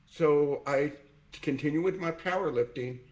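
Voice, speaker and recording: A middle-aged man from California telling his life story in a lively way, acting out the voices of people he quotes. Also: fairly high pitch, normal speed, lo-fi sound. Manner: animated, acts out quoted voices. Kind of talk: personal storytelling. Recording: echoey room.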